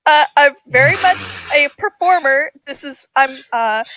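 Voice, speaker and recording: A woman's voice: high voice, lively intonation, a little slow, bright, forceful tone, no echo, soft background music, exaggerated voice, rough recording. A woman voicing a nervous young male bard who stammers to talk his way out. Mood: flustered. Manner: stammering, flustered.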